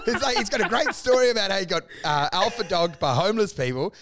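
High-voiced man riffing crudely. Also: fast. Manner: animated, profane, rambling riffs with impressions. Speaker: comedian co-host. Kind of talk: casual podcast chat.

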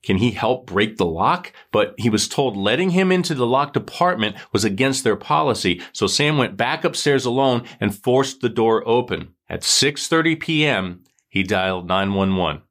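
A man hosting a show, reading a scripted true-crime narration in a measured, dramatic way. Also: mid-range voice, expressive, fairly bright tone. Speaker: host.

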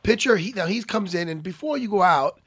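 A man co-hosting a casual talk show, telling animated, profane stories. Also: sits high, fairly quick, slightly rough, no echo. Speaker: podcast co-host. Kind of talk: casual chat.

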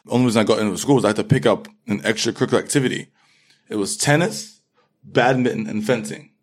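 Young London-accented man, low-ish voice, animated storyteller in a casual interview. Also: fast talker. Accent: London English. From London, England. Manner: animated storyteller, acts out quotes. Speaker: fencer, interview guest.

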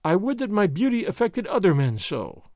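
A man's voice: sits high, big pitch swings, moderate pace, a little mellow, no room sound, studio quality. A man voicing a proud, flustered young noblewoman in a formal, agitated manner. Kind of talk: audiobook character voice.

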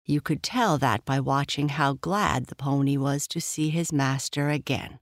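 A gentle storyteller reads a children's bedtime tale in an even, middle-pitched voice. The sound is dry and close to the mic. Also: a little slow, no room sound. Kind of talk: scripted storybook narration.

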